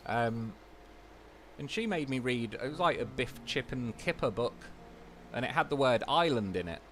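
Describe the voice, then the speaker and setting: A man's voice: medium pitch, expressive, normal speed, a bit bright, slight background noise. A young man livestreaming a game, chatting casually and rambling through anecdotes, swearing freely. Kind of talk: casual chat while gaming.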